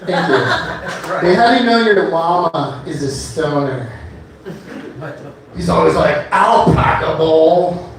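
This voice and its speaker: A man's voice: on the high side, sing-song, unhurried, pauses often, a little hiss or hum. A man performing a stand-up comedy set on a bar stage, rambling loosely with many fillers between one-liners. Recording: echoey club room from far off.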